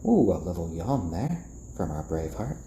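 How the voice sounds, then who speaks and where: Brief: male live-stream host, gentle and soothing, mellow low tone, roomy echo, faint crickets behind. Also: slight background noise. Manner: soft, slow, soothing voice used to calm the chickens. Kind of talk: casual live-stream chat, reading out viewer comments. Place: indoors, roomy.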